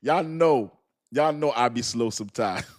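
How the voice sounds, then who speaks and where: A man's voice: medium pitch, a little slow. A man hosting a casual crypto livestream, talking straight to his viewers in a rambling, slangy way, laughing often and poking fun at himself. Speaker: crypto channel host.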